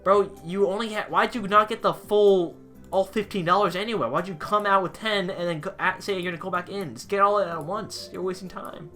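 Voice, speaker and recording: A young man with a bright, sharp voice rambles through a storytime rant, exasperated and casual. He swears offhandedly and keeps circling back to his point, over faint background music. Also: sits high, a little fast. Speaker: vlogger, pizza delivery driver.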